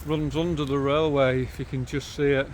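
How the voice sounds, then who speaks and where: Camera in hand, a cheerful middle-aged vlogger from St Helens, England, strolls by canals and an old railway line, giving easygoing, chatty walking-tour narration about the local sights. He speaks in a mid-range, level voice at normal speed, with slight background noise.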